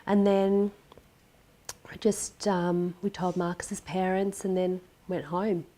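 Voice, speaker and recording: Woman, podcast guest, lively storytelling, slightly low voice, mimics quoted voices, soft near-whispers. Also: slow. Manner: animated, acts out quoted voices; drops to near-whispers at emotional moments. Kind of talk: personal storytelling interview.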